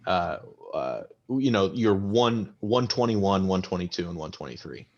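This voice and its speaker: A man running a tabletop game as game master, narrating casually and haltingly, with lots of ums and likes. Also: low voice, expressive, lo-fi sound, slight background noise.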